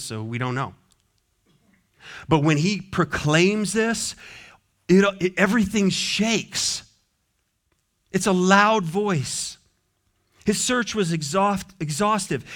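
A man preaching a sermon as pastor, moving between loud proclaiming and hushed low passages, and briefly acting out biblical figures.

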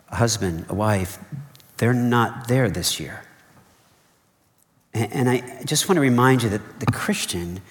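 Low-voiced pastor preaching in a reverberant hall. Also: male voice. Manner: earnest, repeats key points, frequent "okay?" asides. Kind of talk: sermon. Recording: long reverb of a large hall.

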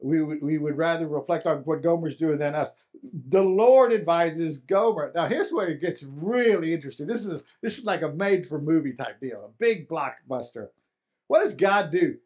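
Conversational preacher. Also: male voice, a little high, expressive, moderate pace, a little mellow. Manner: conversational, repeats and restarts for emphasis. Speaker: pastor. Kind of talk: sermon.

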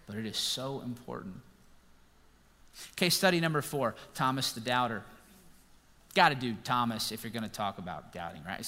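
Male pastor, casual sermon delivery, crisp bright tone, echoing church hall. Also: fairly high pitch. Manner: conversational, playful, animated storytelling.

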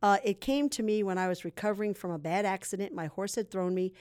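A woman in her sixties sharing her personal testimony as a guest, earnest and emotional, speaking with deep faith. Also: quick pace, a little mellow, clear, resonant tone. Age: 60s.

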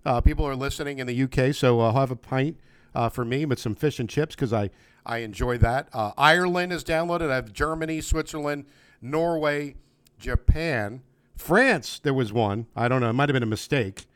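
Smooth-voiced man hosting a podcast chat. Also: mid-range voice, normal speed, no room sound. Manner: rambling, friendly, many fillers and restarts. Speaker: podcast host. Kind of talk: casual interview. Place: home, remote video call.

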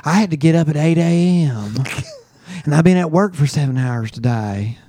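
A man's voice: fairly high pitch, lively intonation, moderate pace, mellow, no echo, clean studio sound. A man putting on a drawling Southern woman. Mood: weary. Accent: Southern US, put on. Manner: drawling with frequent y'all.

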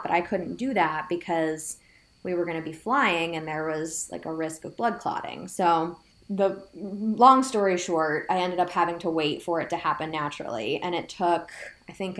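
A woman's voice: lowish voice, fairly bright tone. A woman in her thirties telling a personal story in a casual, chatty way, full of "like" fillers and quoting herself. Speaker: guest sharing her story. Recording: roomy echo.

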